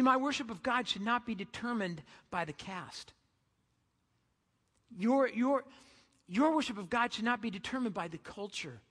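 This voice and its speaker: A preacher tells a story in a casual, conversational sermon style. The voice is bright and forceful, and a long hall echo trails after the words. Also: medium pitch.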